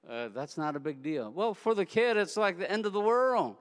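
A man preaching a sermon in a relaxed, conversational way, telling anecdotes and often repeating words as he goes. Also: fairly high pitch, normal speed, hardly any pauses, smooth. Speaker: pastor. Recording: echoey hall.

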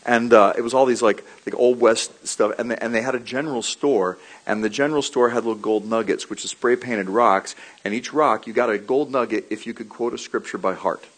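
A man preaching a sermon, telling animated stories, laughing briefly and repeating his key lines. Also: medium pitch, fairly quick, hardly any pauses, low-quality recording.

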